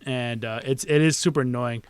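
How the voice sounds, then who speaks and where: A man's voice: mid-range voice, a little fast, clean tone, no echo. A young man co-hosting a podcast, chatting casually with lots of ums and self-corrections. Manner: animated, hesitant, quizzing. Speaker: podcast co-host. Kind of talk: casual chat.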